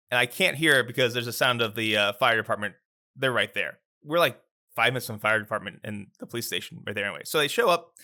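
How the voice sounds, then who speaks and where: Man priest, lively story delivery, bright tone. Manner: animated storyteller, lively pitch. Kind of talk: casual storytelling chat.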